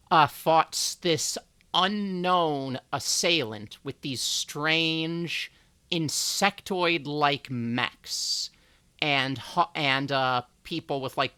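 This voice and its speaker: A game master running a tabletop game on a live stream, relaxed and halting, with many fillers. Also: mid-range voice, clear, resonant tone, no echo.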